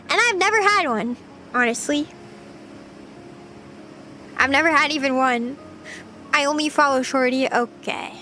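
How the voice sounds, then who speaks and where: A woman's voice: sits high, unhurried, pauses often, pushed and bright, faint music behind. A young woman streaming casual chat, playful and chatty, often giggling as she reads her chat. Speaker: VTuber streamer.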